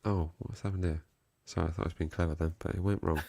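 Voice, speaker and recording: A man's voice: low voice, fairly even intonation, fast talker, creaky, a little mellow. An English man co-hosting a football fan live stream, joking casually and reading out chat comments. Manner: jokey, reads chat aloud, chuckles and trails off. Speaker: co-host of a football fan show.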